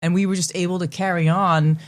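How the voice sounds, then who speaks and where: A woman in her forties, a martial arts master, speaking as a guest in a relaxed interview. She talks earnestly and reflectively, often adding "you know" as she works through her thoughts. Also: on the low side, brisk. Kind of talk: casual conversational interview.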